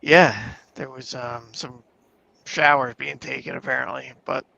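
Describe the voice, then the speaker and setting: A man's voice: medium pitch, steady tone, unhurried, vocal fry, bright, forceful tone, no echo, muffled recording. A man co-hosting a podcast, telling crude stories in casual chat and laughing through them. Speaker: podcast co-host.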